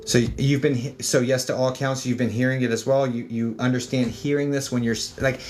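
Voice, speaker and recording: A man's voice: medium pitch, fairly even intonation, a little fast, darkish tone. A man working as a psychic medium, giving a chatty livestream spirit reading full of fillers and calling people darling.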